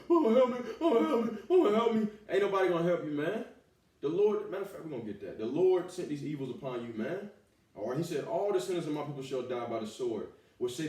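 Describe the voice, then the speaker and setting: A man's voice: medium pitch, mellow. A man preaching a fiery scripture sermon, cursing freely and peppering his lines with "all right" and "man.". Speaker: street preacher. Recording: echoey, from far off the mic.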